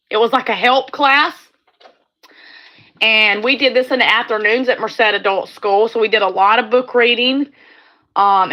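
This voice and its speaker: A middle-aged woman from California hosts a casual livestream chat. Her voice sits a little high and has a bright, forward edge. She talks in a heartfelt, wandering way, circling back to repeat her phrases. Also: poor audio. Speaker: livestream host.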